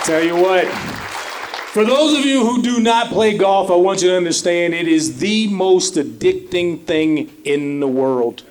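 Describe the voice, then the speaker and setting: High-voiced stand-up comic in a loud club. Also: male voice, measured pace, slight background noise. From Colorado Springs, USA. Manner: animated storytelling, lots of fillers. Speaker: stand-up comedian. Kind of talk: stand-up comedy set. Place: comedy club stage. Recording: live club with crowd laughter.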